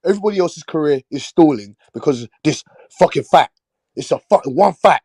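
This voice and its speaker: A man's voice: a little high, lively intonation, brisk, a little mellow, slightly rough, no echo. A man hosting a boxing talk show, ranting in a heated, swearing, repetitive way. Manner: fired-up, swearing, repeating himself. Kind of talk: heated casual rant.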